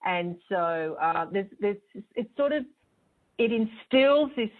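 A woman's voice: medium pitch, animated, takes it slowly. A woman hosting an astrology show, explaining in a chatty, rambling way with a smile in her voice. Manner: chatty, rambling, with fillers and restarts; smiling as she talks. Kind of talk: casual spoken explanation. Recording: tinny phone-line sound.

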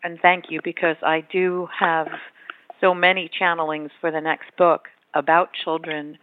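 A woman's voice: fairly low pitch, level tone, a little slow, slight background noise. Female author guest with an earnest, spiritual way of speaking. Comes through a tinny phone line. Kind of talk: casual conversation.

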